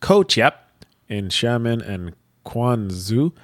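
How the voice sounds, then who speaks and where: A man's voice: mid-range voice, lively intonation, brisk, dry recording, clean studio sound. A young American man co-hosting a podcast, reading from a wiki with profane, sarcastic asides. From United States. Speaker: podcast co-host. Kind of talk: casual chat, reading from a wiki.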